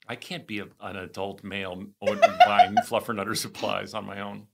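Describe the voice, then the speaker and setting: A man co-hosting a podcast in casual chat, animated and joking, swearing freely. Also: lowish voice, moderate pace, gravelly, heavy background noise. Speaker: podcast co-host.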